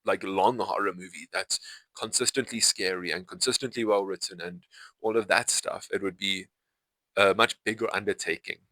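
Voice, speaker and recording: A young man with itchy eyes reviews a film in casual, unscripted talk to camera, his low-pitched voice bright and forward. He speaks at normal speed and rambles, full of fillers, restarts and self-corrections. The audio is poor, close and dry, with no echo.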